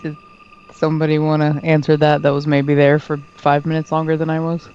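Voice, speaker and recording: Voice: medium pitch, monotone, brisk, a little mellow, clear, resonant tone. Tabletop player, stumbling and hesitant, dull lo-fi recording. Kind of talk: tabletop game chat.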